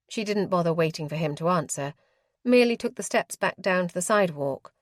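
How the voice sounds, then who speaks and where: Low-voiced woman narrating a romance. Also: lively intonation, a little fast, dry recording, clean studio sound. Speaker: audiobook narrator. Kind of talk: scripted narration.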